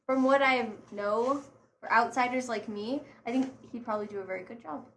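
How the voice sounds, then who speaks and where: A woman guest joins a casual chat in a slightly high voice. She sounds curious and keeps asking questions. A faint hiss sits under her voice. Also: fairly quick, a bit bright.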